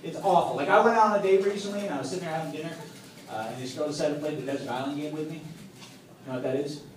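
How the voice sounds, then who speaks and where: A man doing a stand-up comedy set on a club stage, telling stories in a punchy, exasperated way with sudden loud outbursts. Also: on the high side, rapid-fire, slight background noise. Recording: echoey club room from a distance. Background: audience laughter and club ambience.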